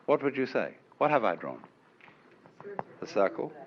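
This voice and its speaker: A man giving a public lecture in an unhurried, wry way, with chuckles, on an old lo-fi recording from a lecture hall. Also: medium pitch, very animated. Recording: dull lo-fi archive lecture recording.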